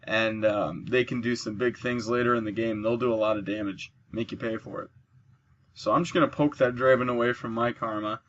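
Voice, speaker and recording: The audio is muffled, with a bit of hiss or hum, as a medium-pitched man speaks fairly quickly in a chatty let's play. He's sleepy and yawning, yet he explains the mechanics behind his moves and cheers excitedly at his kills.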